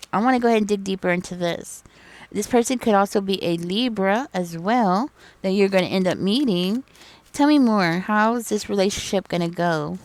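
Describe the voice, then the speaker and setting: A woman giving a casual tarot reading, chatty and rambling as she thinks aloud. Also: mid-range voice. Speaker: tarot reader.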